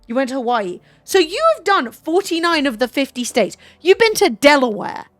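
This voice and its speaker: A British woman streamer chats casually with a guest, teasing, incredulous, and swearing freely. Her voice sits high with big pitch swings, a moderate pace, and a fairly bright tone. The dry close-mic recording has faint music behind her.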